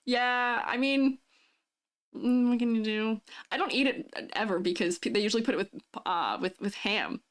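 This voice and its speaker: A giggly woman chats on a live stream, answering her viewers one message after another. Her voice sits a little high, and she laughs easily, often mid-sentence. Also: moderate pace. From United States. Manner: giggly, chatty, answers chat messages aloud. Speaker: vtuber streamer reading chat. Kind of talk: casual live-stream chat.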